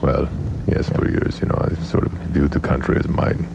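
Pompous elderly German-accented statesman, as a man puts him on, droning, rough, lo-fi broadcast. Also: level tone, background noise, exaggerated voice. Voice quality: slow, low, droning and self-important. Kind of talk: comedy radio impression. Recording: dull lo-fi radio broadcast.

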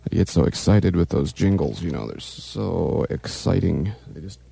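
A man's voice: low voice, animated, normal speed, vocal fry, mellow, husky, soft background music. A man hosting a morning radio show, jokey and rambling, slipping into mock outrage. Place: radio studio.

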